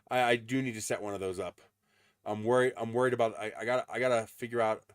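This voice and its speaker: A man's voice: sits low, a bit bright, no echo, clean studio sound. A man hosting a casual livestream from his desert home, chatting in a rambling way with frequent ums. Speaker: livestream host.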